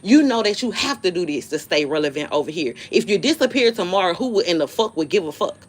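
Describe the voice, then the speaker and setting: A woman's voice: on the low side, fast, breathy edge. Blunt, profane woman ranting on a livestream. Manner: blunt, profane, dismissive, animated storytelling. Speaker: livestream host. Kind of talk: casual live-stream rant.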